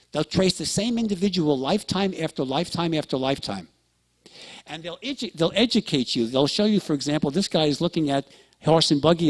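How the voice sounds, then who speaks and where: A man giving a lecture to an audience, telling stories and often checking in with listeners. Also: on the high side. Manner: storytelling, acts out quoted dialogue; addresses listeners with frequent check-ins.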